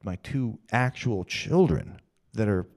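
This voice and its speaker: A man's voice: lowish voice, expressive, slow pace, gravelly, darkish tone. A man in his thirties telling a personal story in a rambling, emotional way, often repeating himself.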